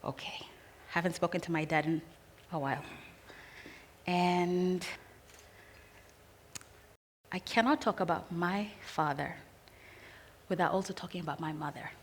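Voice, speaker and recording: A woman telling a personal family story in an earnest, expressive way, with pauses. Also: on the low side, a little hiss or hum.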